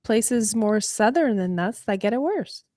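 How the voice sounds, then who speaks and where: A woman's voice: medium pitch, animated, unhurried, darkish tone, no room sound. A woman from Canada, a guest and fellow podcaster, chatting casually and teasing the host. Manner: playful, teasing. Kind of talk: casual chat.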